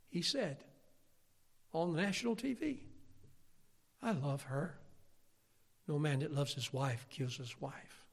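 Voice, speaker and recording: A male pastor preaching a sermon, swinging from loud, emphatic lines to hushed ones. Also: a little high. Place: church sanctuary. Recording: long reverb of a church hall.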